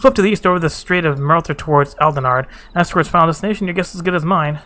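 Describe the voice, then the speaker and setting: A man's voice: fairly high pitch, rapid-fire, sharp tone. A man reading a blunt, weary female camp commander in a game, with a folksy, dry complaining manner.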